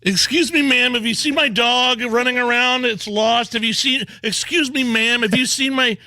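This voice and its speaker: A man, a radio co-host, mimicking an overly polite male stranger in a high put-on voice. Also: steady tone, normal speed, pushed and bright, dry recording, exaggerated voice. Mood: mock-polite.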